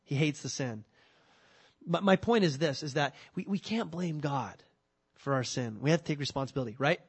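Lively preaching man with a higher voice. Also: normal speed, slightly rough. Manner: animated, acts out quoted excuses in voices. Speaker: pastor. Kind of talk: sermon.

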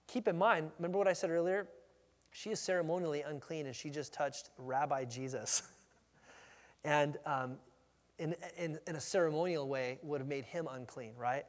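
High-voiced man preaching in a reverberant hall. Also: normal speed. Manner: animated, conversational, acts out the scene. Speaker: pastor. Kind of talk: expository sermon.

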